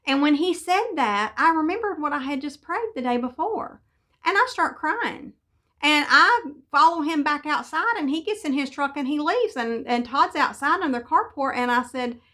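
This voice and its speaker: High-voiced woman sharing earnest testimony. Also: animated, moderate pace, fairly bright tone. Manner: earnest storytelling with fillers and restarts. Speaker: devotional speaker. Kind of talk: personal testimony devotional.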